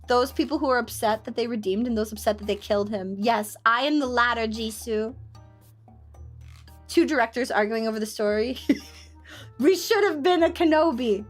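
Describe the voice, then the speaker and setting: A young woman streamer chatting casually with her viewers, ranting in an animated, exaggerated way. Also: a little high, moderate pace, soft background music. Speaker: VTuber streamer. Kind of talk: casual chat with live chat.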